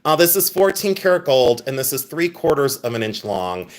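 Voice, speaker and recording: A man's voice: mid-range voice, very animated, moderate pace. A man hosting a live jewelry sale stream. He jokes, giggles and mocks himself while chatting straight to his viewers. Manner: joking, giggly and self-mocking. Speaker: livestream jewelry seller. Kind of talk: live sales stream chat.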